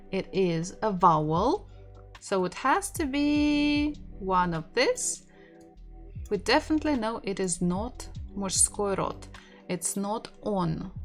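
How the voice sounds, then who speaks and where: Slow, patient Russian-accented woman teacher. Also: medium pitch. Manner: slow, repeats words for learners to echo. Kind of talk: beginner language lesson.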